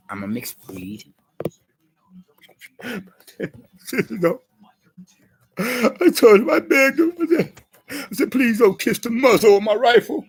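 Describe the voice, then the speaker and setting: A self-pitying, tearful young man, as a vlogger puts him on, rambles in a very high, husky voice. He stammers, repeats himself and drags out every plea in this satirical impression monologue. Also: heavily acted. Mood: rambling indignant. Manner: stammering repetitions and drawn-out pleading.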